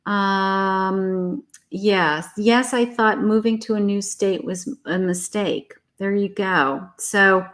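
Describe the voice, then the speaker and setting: A woman's voice: medium pitch, steady tone, slow pace, fairly bright tone. A woman doing a live tarot reading, speaking soothingly and reassuringly straight to the viewer. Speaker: psychic tarot reader.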